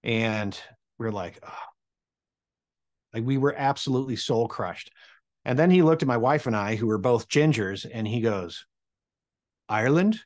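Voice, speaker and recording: An American man in his forties telling a personal story to an audience, animated and humorous as he builds suspense. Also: mid-range voice, normal speed. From United States.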